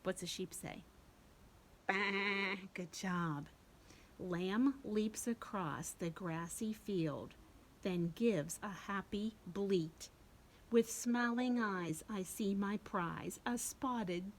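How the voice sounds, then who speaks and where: A woman leading a children's storytime as a librarian, reading a picture book aloud in an animated, coaxing sing-song way and singing simple songs. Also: medium pitch, slight background noise, rough recording.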